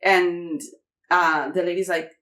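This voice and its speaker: A woman's voice: on the low side, flat delivery, slow, fairly bright tone. A woman from Mexico, a native Spanish speaker with a Mexican Spanish accent, tells a comedic story as a podcast guest, acting out quotes with squeals and laughter. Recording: roomy echo.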